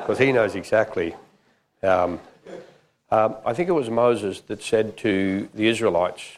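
A man's voice: lowish voice, wildly swooping pitch, drawn-out words, long pauses, a crowd in the background. A man preaching a jokey, conversational sermon.

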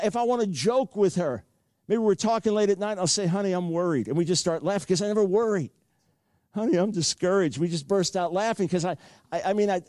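An older man delivers a sermon in a fairly high voice, recounting his own story with earnest repetition. The sound is close and dry, with no room around it. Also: darkish tone, no echo. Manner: earnest storytelling with frequent repeats. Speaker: preacher.

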